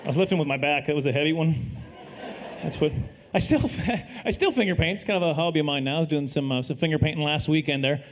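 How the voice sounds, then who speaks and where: A middle-aged Canadian man doing a live stand-up set, dry and self-deprecating, now and then bursting into loud put-on voices. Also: fairly high pitch, fast. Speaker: stand-up comedian. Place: comedy stage before a live audience.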